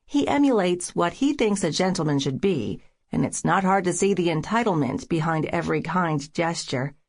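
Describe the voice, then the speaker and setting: A woman reads a first-person romance audiobook with a wry, sardonic bite. Her voice sits a little low for a woman, with steady scripted pacing. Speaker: audiobook narrator.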